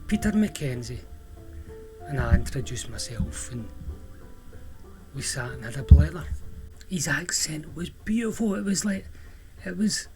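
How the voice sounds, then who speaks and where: A man's voice: sits high, low-quality recording. Chatty Scottish man telling a story. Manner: relaxed, chatty, with restarts and drawn-out words. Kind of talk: casual spoken storytelling.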